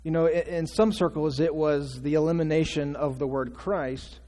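Pastor, male, slightly raised pitch, conversational sermon full of rhetorical questions, long church reverb. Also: steady tone, moderate pace, mellow. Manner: conversational preaching with rhetorical questions and acted quotes. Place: church sanctuary.

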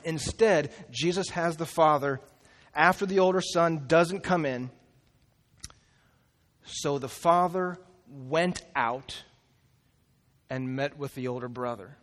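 Male pastor, high voice, animated storyteller, acts out the characters; recorded in a church hall with long reverb. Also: measured pace. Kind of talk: sermon.

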